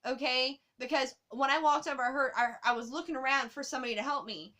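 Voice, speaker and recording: A woman telling a travel story to her camera in a casual, animated way, swearing often. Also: high-pitched, fast talker.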